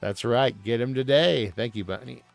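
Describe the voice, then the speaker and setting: A man's voice: mid-range voice, moderate pace, gravelly. A man streaming live, chatting casually in a rambling, profane, joking way over faint music.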